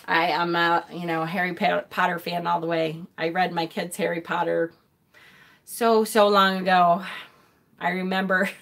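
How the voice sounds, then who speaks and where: A woman's voice: on the low side, gravelly, a bit bright. A middle-aged woman hosting a casual live stream, answering viewer comments in a chatty, rambling way and laughing often. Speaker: livestream host.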